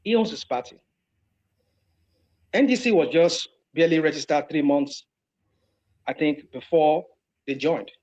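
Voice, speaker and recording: A man's voice: on the high side, measured pace, long pauses, a little mellow, lo-fi sound. A man with a Nigerian Yoruba accent arguing heatedly in an online debate, repeating himself and slipping into Yoruba. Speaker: debate participant.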